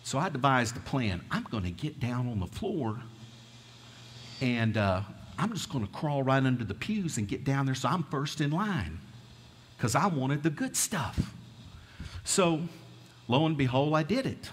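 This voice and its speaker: A middle-aged man with a Southern US twang, a pastor, preaches a folksy storytelling sermon and questions the congregation. His medium-pitched voice is sing-song and slightly rough, measured in pace, echoing through the church hall.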